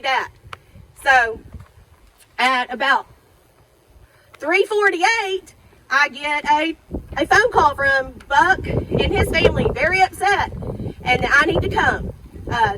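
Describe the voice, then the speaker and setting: A middle-aged woman giving an emotional eulogy at an outdoor graveside, telling the story and acting out remembered dialogue. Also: high-pitched. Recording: outdoor recording with passing traffic noise.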